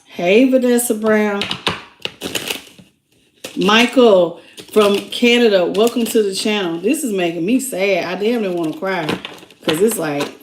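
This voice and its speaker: A woman's voice: mid-range voice, a little slow, pauses often, reverberant, noisy background. A woman doing a casual tarot reading, chatting emotionally and greeting viewers by name as she goes. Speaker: tarot reader.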